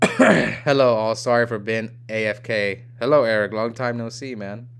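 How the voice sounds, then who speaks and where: Young man, from the US, livestream host, casual rambling chat, reads comments aloud, medium pitch. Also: normal speed, gravelly, fairly bright tone, clear, resonant tone. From United States. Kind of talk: casual live-stream chat reading comments.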